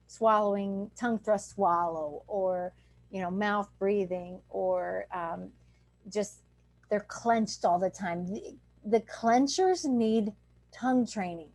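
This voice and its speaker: A woman's voice: mid-range voice, a little mellow. Woman teaching an online breathing class. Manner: explanatory, demonstrates throat sounds. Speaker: dentist teaching a breathing clinic. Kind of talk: online lecture.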